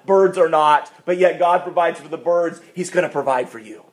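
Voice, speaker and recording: A male pastor preaching a sermon, asking rhetorical questions and swinging between loud, stressed lines and quiet asides. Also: a little high, normal speed, few pauses.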